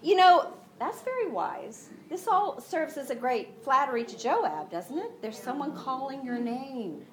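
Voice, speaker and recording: Aussie woman preaching, high voice that swoops all over, acts out the story. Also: measured pace, hardly any pauses, slight background noise. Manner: animated storytelling, acts out voices, laughs often. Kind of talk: sermon.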